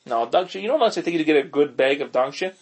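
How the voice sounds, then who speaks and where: A man's voice: on the high side, animated, quick pace, breathy edge. A young man co-hosting a podcast, rambling through crude jokes and laughing at his own lines. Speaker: podcast co-host. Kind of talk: casual podcast banter.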